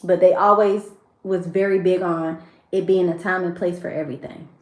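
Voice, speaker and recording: On a spiritual tarot livestream, a woman with a fairly low voice reads for her viewers and addresses them head-on. Though her message is emotional and preachy, her intonation stays fairly even at a normal speed, and the room echoes.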